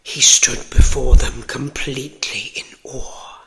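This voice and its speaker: Man, whispered storybook reading, very slow, gravelly, bright-edged. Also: mid-range voice, fairly even intonation. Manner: slow, gentle, soothing whisper. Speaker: ASMR storyteller.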